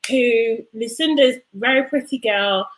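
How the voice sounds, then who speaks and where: Chatty woman, higher voice. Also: unhurried, poor audio. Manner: chatty, laughing storyteller. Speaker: podcast co-host. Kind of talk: casual chat.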